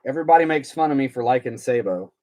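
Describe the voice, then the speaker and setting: A man's voice: mid-range voice, lively intonation, quick pace, darkish tone. A man chatting casually on a live stream about his baseball card collection, answering viewers' comments as he goes. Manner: rambling, chatty, reads viewer comments aloud.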